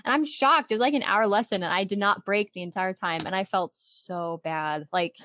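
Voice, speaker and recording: A woman's voice: mid-range voice, moderate pace, pushed and bright, a little hiss or hum. A woman in her twenties from Arizona, telling stories as a guest in a casual faith-based interview, chatty and often giggling. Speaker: podcast guest.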